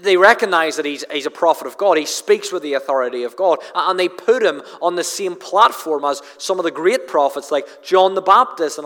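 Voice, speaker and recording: A man's voice: a little high, a bit bright. A man preaching an expository sermon in an earnest manner, often repeating words as he drives home a point. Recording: long hall reverb.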